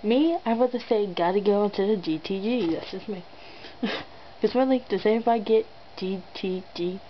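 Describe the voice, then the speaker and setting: A woman's voice: mid-range voice, moderate pace. A young woman hosting a casual top ten countdown vlog, laughing often and making sarcastic asides. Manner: giggly and sarcastic, laughing between items. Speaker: vlogger. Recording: dull lo-fi webcam audio with faint background noise.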